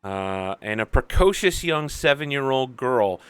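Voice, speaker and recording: A young man narrating a tabletop game as game master, animated and rambling. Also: medium pitch, a little slow, clear, resonant tone, no room sound.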